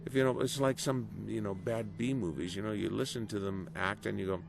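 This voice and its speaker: Deep gravelly man, noisy background. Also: brisk. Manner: animated storyteller, acts out quoted reactions. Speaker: voice actor guest. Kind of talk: casual interview.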